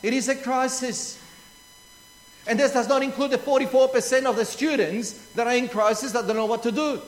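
A man's voice: very high-pitched, steady tone, fairly quick. A man with an Australian accent preaching a sermon, emphatic and repetitive, asking rhetorical questions. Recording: long reverb of a large hall.

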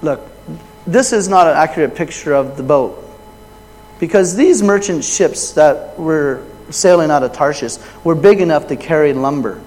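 A man preaching a sermon and retelling a Bible story. He swings between loud, raised quoted lines and quiet, low asides. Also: expressive, normal speed. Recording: long hall reverb.

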